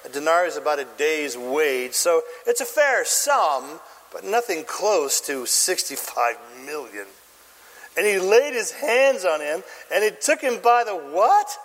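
A man preaching a sermon, telling the story in an animated way and acting out scenes. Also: fairly high pitch, unhurried, in a large hall, low-quality recording.

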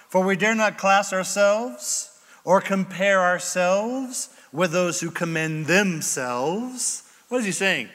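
A man preaching a sermon as pastor, animated and joking, acting out the voices he quotes. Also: sits high, slow. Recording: echoey hall.

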